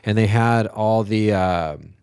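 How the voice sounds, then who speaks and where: A man's voice: on the low side, takes it slowly, a little mellow, clear, resonant tone, no room sound, studio quality. A man co-hosting a podcast, telling a story in casual chat, full of fillers and swearing. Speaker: podcast co-host.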